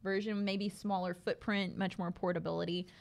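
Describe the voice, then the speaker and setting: A woman's voice: mid-range voice, little pitch movement, moderate pace, gravelly. A woman co-hosting a livestream, talking chattily about best-selling games with frequent fillers. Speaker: co-host. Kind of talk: livestream product rundown.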